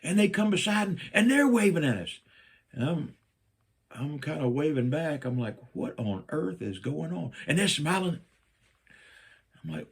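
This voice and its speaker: A middle-aged man from Virginia, telling a personal story and acting out his own lines with big jumps up in pitch. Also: a little slow, gravelly, pauses often, husky. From Virginia, USA. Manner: animated, jumps up in pitch when quoting himself.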